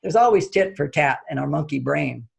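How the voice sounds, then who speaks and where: A man, a relationship author interviewed as a guest, telling a personal story and acting out his own reactions with sudden high, loud jumps. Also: lively intonation, moderate pace, vocal fry, breathy edge.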